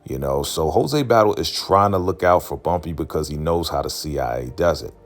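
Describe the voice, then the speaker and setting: A man's voice: extremely low pitch, expressive, fairly quick. A man casually recapping a TV episode, loosely retelling scenes and slipping into the characters' lines with "he's like" and "man.". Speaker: TV recap vlogger.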